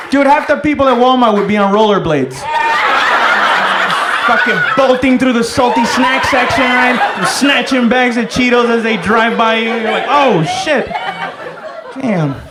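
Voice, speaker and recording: High-voiced profane male stand-up comic. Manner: loud, profane storytelling with shouted bits. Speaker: stand-up comedian. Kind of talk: stand-up comedy set. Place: comedy club stage with a laughing audience. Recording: echoey room, noisy live audience.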